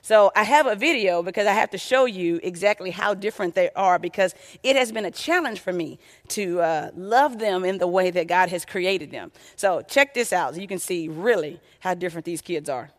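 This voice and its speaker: A woman's voice: fairly low pitch, moderate pace, few pauses. Woman preaching in a casual way. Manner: warm conversational preaching, addresses audience as y'all. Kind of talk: sermon.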